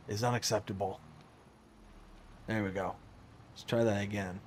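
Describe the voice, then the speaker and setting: This streamer's low voice moves at a normal speed but with long pauses. He's live-streaming a farming game, laughing a lot and chatting animatedly with viewers as he answers their messages.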